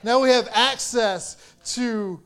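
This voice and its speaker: A man's voice: very high-pitched, takes it slowly, pushed and bright, clear, resonant tone. A young man preaching a sermon as pastor, earnest and rising in force on key points.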